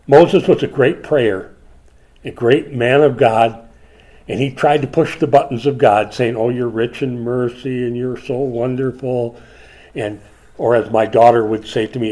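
Older male pastor, mellow animated preaching. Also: moderate pace, low-quality recording. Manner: animated preaching, drops soft for asides, rises high for pleading. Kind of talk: sermon.

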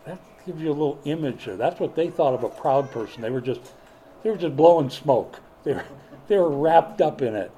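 Folksy older preacher with a mellow voice. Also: male voice, a little high, lively intonation, a little fast, slight background noise. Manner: folksy, joking storyteller who rises to loud emphatic preaching. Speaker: pastor. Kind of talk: sermon.

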